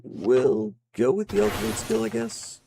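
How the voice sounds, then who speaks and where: A man's voice: sits high, very animated, measured pace, vocal fry, background noise. A man giving casual gameplay commentary as a game reviewer. He is slightly out of breath, swears now and then and reads game text aloud. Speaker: game reviewer playing on stream.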